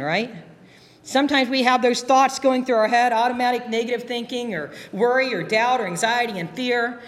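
A pastor preaching a sermon in an earnest, conversational way, repeating key phrases. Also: medium pitch. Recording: long reverb of a hall.

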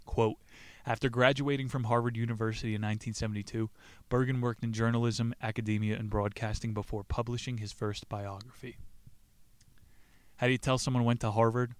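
A man's voice: mid-range voice, flat delivery, fairly quick, clear, resonant tone, dry recording. A man hosting a book podcast, brash and crude, cracking corny jokes and swearing between passages he reads aloud. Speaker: podcast host reviewing books.

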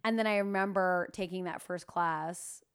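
A woman in casual interview chat, telling animated stories and acting out the people she quotes. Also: fairly low pitch, moderate pace, clear, resonant tone. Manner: animated storyteller, acts out quotes.

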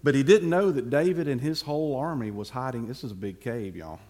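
A man preacher telling a Bible story to his congregation, with playful asides to the listeners and dramatic pauses. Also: mid-range voice, mellow.

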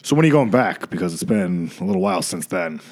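Fast-talking, teasing man. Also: sits low, expressive, darkish tone. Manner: teasing, wisecracking. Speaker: podcast co-host. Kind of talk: casual podcast banter. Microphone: podcast microphone.

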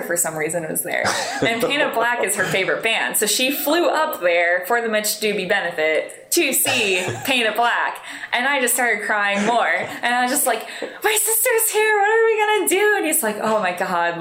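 A woman's voice: medium pitch, lively intonation, moderate pace, a bit bright. A young woman telling stories in a casual interview, rambling and self-deprecating, laughing often. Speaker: interview guest, musician. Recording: roomy, echoey room.

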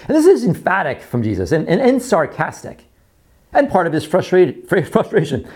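Male pastor, sermon delivery, expressive and fairly high, repeats lines, voices the people he quotes. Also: quick pace. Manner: animated, acts out quoted voices, repeats phrases, drops to quiet lows.

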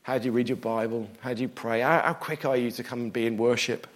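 A middle-aged man preaching a sermon, animated and self-deprecating, moving from loud bursts to hushed, quiet passages. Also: medium pitch, fast talker.

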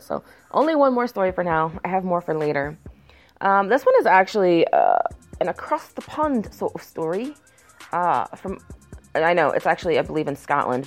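A woman commenting on news stories in a casual rant, reading passages aloud and breaking in with sarcasm and frequent swearing. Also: fairly low pitch. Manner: sarcastic, swears often, shifts into mock outrage.

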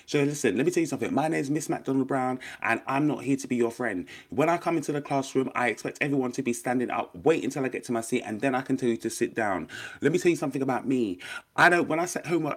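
A man's voice: medium pitch, voice pushed up, lightly acted. A man voicing a strict, no-nonsense woman teacher lecturing her class. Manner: stern, lecturing.

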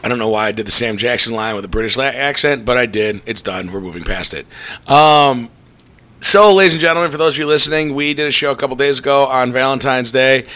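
A man's voice: mid-range voice, fast, sharp tone. A man hosting a casual podcast, rambling sarcastically with laughing asides. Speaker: podcast host.

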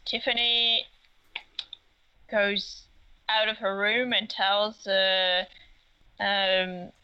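A woman recaps a story on a podcast, slow and halting, stopping for uhs. Her voice is bright and clear-edged, while the recording sounds a little dull and lo-fi. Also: mid-range voice, little pitch movement. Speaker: podcast co-host recapping the episode. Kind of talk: casual chat.

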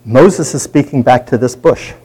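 A man's voice: medium pitch, moderate pace, dark tone, slightly rough, low-quality recording. A man leading a Bible study, teaching in a conversational way and putting questions to his group.

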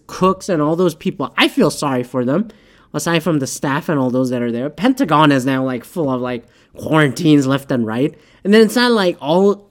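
A man ranting casually in a profane, rambling, exasperated way, often halting and restarting his sentences. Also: on the high side. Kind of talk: casual political rant.

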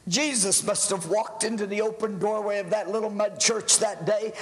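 A male preacher telling a sermon story dramatically, swelling at times into shouts of praise, in a hall with a long reverb. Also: sits high, expressive, measured pace, hardly any pauses.

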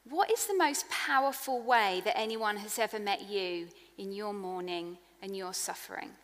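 A woman preaching a sermon in an earnest, personal way, growing hushed on tender points. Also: medium pitch, moderate pace. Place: church hall. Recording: long echo of a large hall.

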